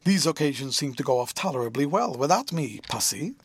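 A man's voice: lively intonation, fairly quick, slightly rough, dry recording. A man voicing an impatient, sulky young engaged man who talks in a grumbling, clipped way. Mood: grumbling, teasing. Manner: grumbling, slightly lower and clipped.

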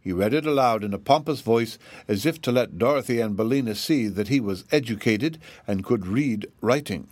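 A man narrating a children's storybook in a steady, measured reading. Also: medium pitch, no room sound.

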